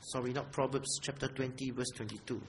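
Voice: medium pitch, steady tone, brisk, background noise. A preacher giving a sermon and reading verses aloud. The preacher speaks emphatically, checks in with the congregation by asking "right?" again and again, and often repeats words while searching for the next phrase. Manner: emphatic, with rising rhetorical questions. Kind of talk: sermon, Bible exposition.

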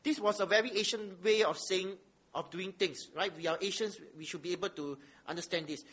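A man's voice: high-pitched, expressive, a little fast, a bit bright, slightly rough. A man preaching a sermon, reading scripture aloud and asking the listeners rhetorical questions with emphasis.

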